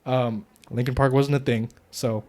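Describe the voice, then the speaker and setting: A young man co-hosting a podcast, chatting casually and profanely about a movie, getting loud when worked up. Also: medium pitch, fairly even intonation, measured pace. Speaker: podcast co-host. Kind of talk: casual movie review chat.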